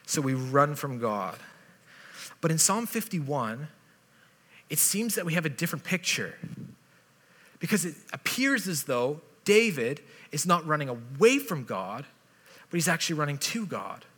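Man, pastor, casual storytelling sermon, highish voice, long hall reverb. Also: sing-song, unhurried, pauses often, a bit bright, breathy edge.

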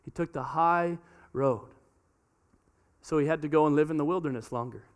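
A man in his thirties preaches a sermon to a congregation with a notably high voice. His tone is smooth and clear, and he tells the story in an animated way, acting out the dialogue. He often repeats words as he restarts a sentence. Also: normal speed. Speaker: pastor. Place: church hall before a congregation.

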